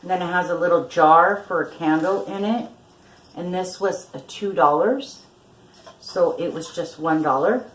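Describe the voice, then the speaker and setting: A woman's voice: fairly low pitch, measured pace, roomy sound, rough recording. An older woman chatting casually in a vlog, gushing over her thrift-store finds. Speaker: vlogger.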